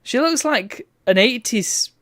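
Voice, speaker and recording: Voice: mid-range voice, expressive, slow pace, a bit bright, faint music behind. A streamer giving wry, bemused commentary while reading a game's text aloud. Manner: wry, bemused asides between read-out lines.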